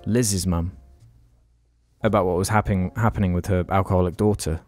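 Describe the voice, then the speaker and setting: Low-voiced sweary British podcast man. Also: fairly even intonation, normal speed, a little mellow, faint music behind. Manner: frank, sweary, meandering with restarts. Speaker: podcast co-host. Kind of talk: casual chat, storytelling.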